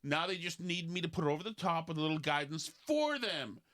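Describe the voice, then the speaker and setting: A man, hosting a casual podcast and telling rambling stories in which he mimics other people in high voices. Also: animated, a little fast, fairly bright tone. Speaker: podcast host. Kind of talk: casual talk show banter.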